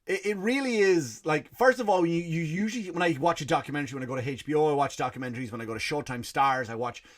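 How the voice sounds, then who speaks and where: His voice leans high and he speaks quickly. This middle-aged podcast host from Ireland, with a partly Americanized accent, launches into a profane, blunt comedy rant, restarting his sentences often.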